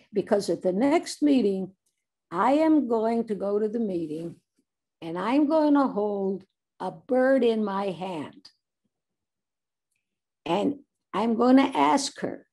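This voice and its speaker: A woman voicing a boastful teenage boy in a told story, with a gravelly, husky voice. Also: a little high, a little mellow, heavily acted. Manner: boastful, plotting. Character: scheming smart-aleck teenage boy.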